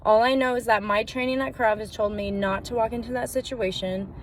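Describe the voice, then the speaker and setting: A woman self-defense instructor talks straight to the camera, telling a cautionary story in an earnest, chatty way full of little fillers. Her voice sits a touch high. Faint traffic noise drifts in from outdoors. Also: steady tone, brisk.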